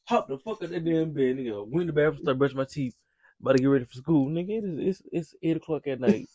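A young man in casual chat, talking loudly and expressively and swearing freely. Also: a little high, fast, no echo, lo-fi sound. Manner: loud, expressive, swears a lot.

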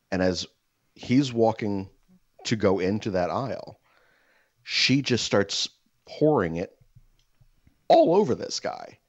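A man's voice: fairly low pitch, no echo. A man casually telling a long anecdote, full of "like" fillers, slipping into voices when he quotes people. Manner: rambling, heavy "like" fillers. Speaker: storyteller. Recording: dull, lo-fi dry sound.

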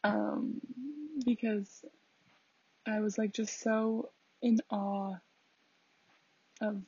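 A woman's voice: medium pitch, little pitch movement, very slow, warm tone, slightly rough, no echo. A young woman hosting a casual podcast, rambling chattily with lots of fillers and laughing at herself. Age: young adult. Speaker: podcast host. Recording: dull lo-fi home recording.

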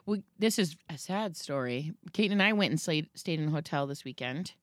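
A woman in her thirties chats as a podcast co-host, her pitch swinging widely as she acts out quoted lines. The recording is close and dry, with no room sound. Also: normal speed, no echo. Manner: animated storyteller, acts out quotes. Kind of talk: casual chat.

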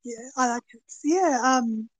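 Woman podcast host, fairly high voice, hesitant wording, dry close sound. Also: slow, no echo. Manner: hesitant, searches for words. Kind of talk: casual interview.

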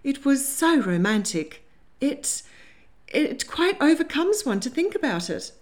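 A woman's voice: fairly high pitch, very animated, normal speed, a little mellow, pitched above the performer's own voice. A woman playing a gushing, airy society matron. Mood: effusive. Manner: airy, effusive, sentimental. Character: gushing romantic aristocratic mother, older woman.

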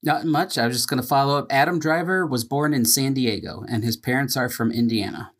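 A man's voice: mid-range voice, a little fast, fairly bright tone. A man co-hosting a casual movie podcast, chatty and laid-back.

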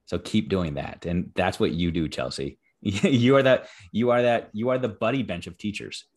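A man's voice: fairly low pitch, moderate pace, a little mellow. A man hosting an interview podcast, talking earnestly and encouragingly, building to emphatic praise of his guest. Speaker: podcast host.

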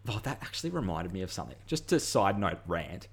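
A young man, co-hosting a casual chat and ranting freely with swearing and animated asides. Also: sits low, quick pace, slightly rough. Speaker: podcast co-host.

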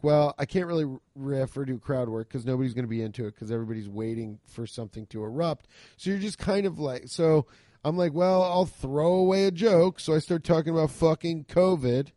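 A man, a stand-up comic, casually telling a profane story about a rough show, acting out both sides of the exchanges. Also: mid-range voice, no room sound, clean studio sound. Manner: profane, animated retelling with quoted exchanges. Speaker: stand-up comedian.

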